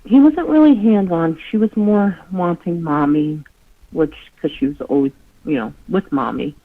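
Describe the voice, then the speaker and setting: A woman's voice: on the low side, lively intonation, moderate pace, phone-quality sound. A woman telling a long personal story as a podcast guest, in a rambling way full of "you know" fillers. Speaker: guest, relative of the missing child's mother. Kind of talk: conversational storytelling.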